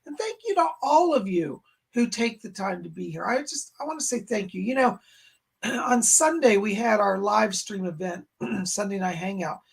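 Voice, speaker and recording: A hoarse man hosts a psychic live stream. His voice sits high for a man, with a gravelly, husky edge. He chats exuberantly and casually and refers to himself in the third person. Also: expressive, normal speed. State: hoarse, clearing his throat. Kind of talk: casual live-stream chat greeting viewers.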